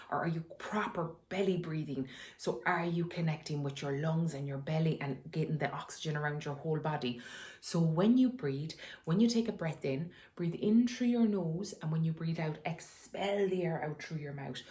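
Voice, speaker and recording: A woman's voice: low-pitched, a little mellow. A woman in her sitting room at home, giving frank, conversational advice and laughing often as she talks. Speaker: wellness vlogger. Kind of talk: candid personal advice talk.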